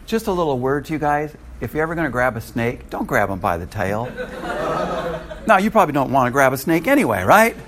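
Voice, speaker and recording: Animated male preacher with lively pitch. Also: fairly quick, a crowd in the background. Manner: animated, chuckling asides. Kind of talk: sermon.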